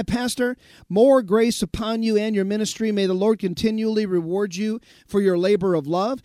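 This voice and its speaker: A man's voice: sits high, a little mellow, no room sound, clean studio sound. A man who pastors a radio show, preaching emphatically and reading out listener messages. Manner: emphatic preaching, repeats phrases.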